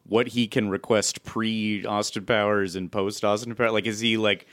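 A man in casual podcast chat, reacting to the others and probing with questions. His voice sits on the low side. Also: level tone, normal speed, a bit bright. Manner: curious, reacting and asking questions. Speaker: podcast co-host.

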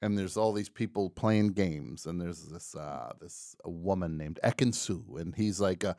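Low-voiced guy hosting a call-in show, rambly jokes, dry close sound. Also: normal speed, gravelly, hardly any pauses, warm tone, no echo. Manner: rambling, jokey asides. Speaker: talk show host. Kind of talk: casual call-in chat.

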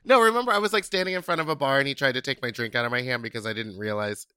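A man co-hosting a podcast, telling stories in an animated, joking way. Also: mid-range voice, racing, clear, resonant tone, no room sound, studio quality. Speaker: podcast co-host. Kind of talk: casual chat.

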